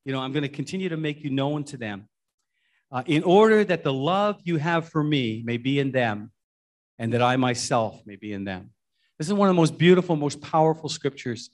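A man's voice: medium pitch, expressive, a little fast. A middle-aged man preaching a sermon as pastor, folksy and storytelling, often repeating words and restarting his sentences.

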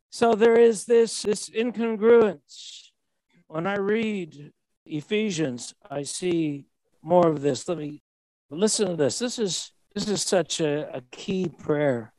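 High-voiced preacher man in his sixties. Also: a little mellow, no room sound, rough recording. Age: 60s. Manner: storytelling with laughs and repeated restarts. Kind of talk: sermon.

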